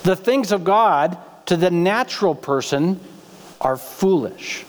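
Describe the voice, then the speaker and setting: High-voiced joking preacher in an echoing church. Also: male voice, lively intonation, takes it slowly. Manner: humorous, conversational, asks the congregation questions. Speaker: pastor. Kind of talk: sermon. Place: church sanctuary.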